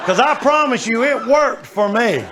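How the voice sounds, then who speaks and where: A middle-aged man telling stories in a stand-up comedy set, animated and calling out to the audience. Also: very high voice, unhurried. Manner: animated, shouting asides to the audience. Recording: live show with faint crowd noise.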